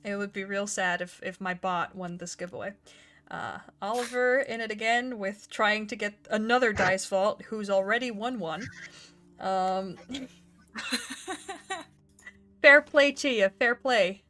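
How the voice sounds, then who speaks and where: A woman's voice: medium pitch, slow pace, long pauses, a bit bright, a little hiss or hum. A woman hosting a live tabletop game stream, chatting casually and narrating, with frequent laughter and self-mocking asides. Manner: giggly, rambling, self-mocking. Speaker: dungeon master and stream host.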